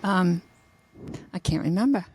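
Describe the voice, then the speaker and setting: A woman's voice: on the low side, animated, a little slow, a little mellow, slightly rough, dry recording. A middle-aged woman co-hosting a podcast, joking about her own forgetfulness and asking short questions. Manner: forgetful, self-mocking, asks short questions. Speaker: podcast co-host. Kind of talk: casual chat.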